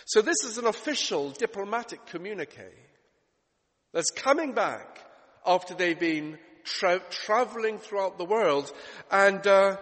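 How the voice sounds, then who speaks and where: High-voiced man preaching in a reverberant hall. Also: a bit bright. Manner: expository, rhetorical questions, emphatic repetition. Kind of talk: sermon.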